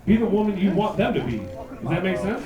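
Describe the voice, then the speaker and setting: A man in his thirties performing a profane stand-up set, loud and punchy, slipping into mocking put-on voices. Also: high-pitched, very animated, fairly quick, music in the background. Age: 30s. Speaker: stand-up comedian. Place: comedy club stage. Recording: echoey club, mic heard from a distance, laughing crowd.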